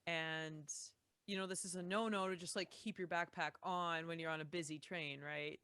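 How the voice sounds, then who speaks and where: A woman's voice: fairly low pitch, fairly even intonation, moderate pace, pushed and bright, smooth, no echo. A young Canadian woman from Saskatchewan, a musician guest chatting casually on a podcast with lots of fillers and restarts.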